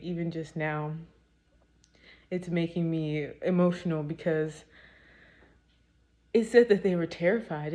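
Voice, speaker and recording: A woman's voice: sits low, dark tone. A woman giving an earnest, emphatic devotional talk, with many filler words. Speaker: faith content creator.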